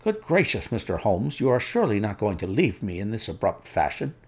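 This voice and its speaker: A man's voice: on the low side, huge pitch swings, moderate pace, creaky, slightly rough, heavily acted. A man reading an audiobook, voicing a fussy, anxious male college tutor who pleads earnestly. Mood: alarmed.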